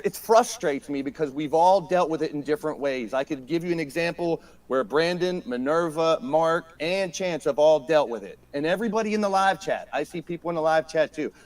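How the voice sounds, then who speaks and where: A high-voiced man, fired up and ranting on a casual podcast. He swears often and repeats his points again and again for emphasis. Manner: profane, emphatic, repeats himself. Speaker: podcast guest.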